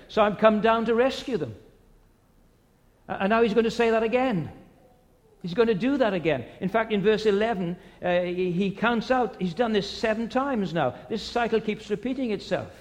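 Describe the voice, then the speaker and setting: High-voiced male preacher in a hall. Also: a little mellow. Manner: asks the audience rhetorical questions. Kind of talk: sermon.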